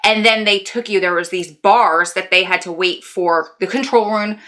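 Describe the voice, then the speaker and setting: A woman telling a story in a casual vlog, chatty and self-deprecating, talking in quick animated bursts. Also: mid-range voice. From New Jersey. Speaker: vlogger, wife of an inmate.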